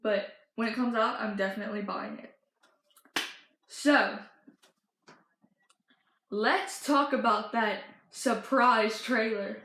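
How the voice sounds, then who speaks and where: A teenage girl rambles excitedly to her camera, her voice sitting a little high and gushing through stories full of fillers and restarts. The sound bounces around an echoey room. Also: takes it slowly, pauses often, a little hiss or hum. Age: teens. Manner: gushing, breathless storytelling with many fillers and restarts. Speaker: fan vlogger. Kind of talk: excited casual chat.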